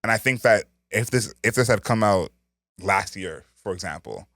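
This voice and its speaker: A man co-hosting a podcast, thinking out loud and weighing his points. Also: on the low side, expressive, moderate pace, no echo, clean studio sound. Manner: thoughtful, weighs points with restarts and hedges. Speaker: podcast co-host. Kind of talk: casual chat.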